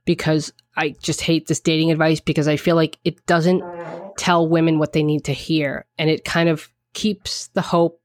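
A woman's voice: deep voice, little pitch movement, moderate pace, no echo, clean studio sound. A woman co-hosting a casual talk show, blunt and emphatic, swearing freely as she gives her opinions. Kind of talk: casual chat.

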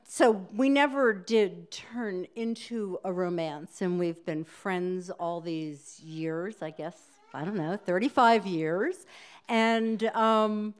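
A middle-aged woman telling a personal story to a live audience, halting and laughing as she goes. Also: mid-range voice, clear, resonant tone. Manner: halting, self-interrupting, laughing through the telling. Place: small hall before a live audience.

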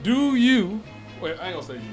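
A man's voice: high voice, sing-song, fast talker, a little mellow, faint music behind. A man co-hosting a casual podcast chat, telling stories with laughter and acted-out quotes. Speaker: podcast co-host.

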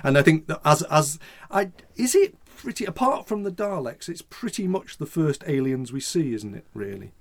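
A man's voice: on the high side, big pitch swings, moderate pace, gravelly, hardly any pauses. Rambling man in casual chat. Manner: rambling, full of restarts and "you know". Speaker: podcast co-host.

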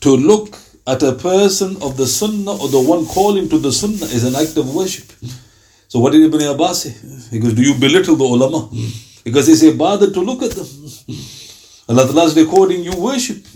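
A man's voice: fairly high pitch, brisk, warm tone, a little hiss or hum. A man giving an Islamic lecture, telling stories with acted-out dialogue and driving his points home with emphasis. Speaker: preacher.

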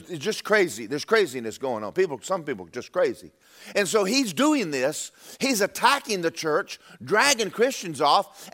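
A man delivering a sermon in an animated storytelling way, his voice sitting a touch high and swinging widely up and down. He stumbles and repeats words as he goes and drops low and quiet when quoting others. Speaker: preacher.

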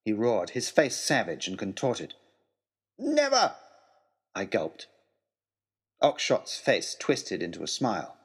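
A man narrating a children's adventure story in a dramatic, expressive storytelling manner. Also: on the low side, normal speed, hardly any pauses, breathy edge.

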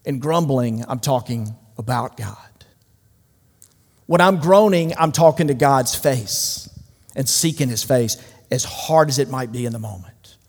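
A man preaching a sermon to a large room, emphatic and swinging from loud declarations to hushed asides. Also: medium pitch, a little slow. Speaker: pastor. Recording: long hall reverb.

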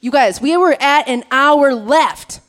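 A woman's voice: sits high, slow. A stand-up comedian from Minnesota, a woman, nervous on stage and chatting to the crowd in a self-mocking way. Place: on stage at a live show.

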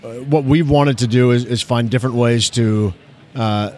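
A man's voice: medium pitch, moderate pace, darkish tone, slight background noise. A male emergency physician chatting as an interview guest. He stammers often, repeats his words and leans on fillers. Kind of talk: casual interview chat.

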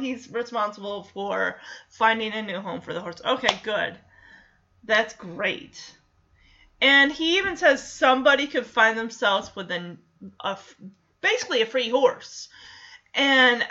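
A woman's voice: on the high side, big pitch swings, a little slow, sharp tone, lo-fi sound. A woman chatting wryly through an episode recap, laughing often and acting out quotes.

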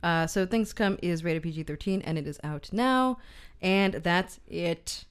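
A woman with a Midwestern American accent co-hosting a casual movie podcast. Her voice is low-pitched and smooth, and she speaks in a wry, joking way. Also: unhurried. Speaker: podcast co-host. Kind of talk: casual film review chat.

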